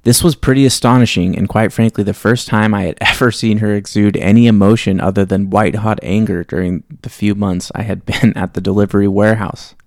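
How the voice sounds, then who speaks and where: A low-pitched man with a gravelly, creaky edge hosts a podcast and reads a story from his own life. He tells it in a reflective, wry way, and the sound is dry and close with no room behind him. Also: steady tone, a little fast, hardly any pauses, a little mellow, no echo. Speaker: podcast host. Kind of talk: reading a personal story aloud, then casual sign-off.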